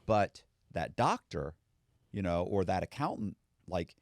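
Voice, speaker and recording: Animated low-voiced man telling stories. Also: a little slow, no echo, studio quality. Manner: candid, animated storytelling with quoted voices. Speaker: guest, former con man. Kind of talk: casual podcast conversation.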